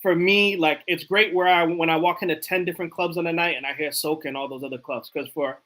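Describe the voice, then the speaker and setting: A man's voice: fairly high pitch, steady tone, fast, pushed and bright. A man hosting a casual live chat, loose and conversational, with lots of filler words. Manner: loose and conversational, many "like" and "you know" fillers. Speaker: host.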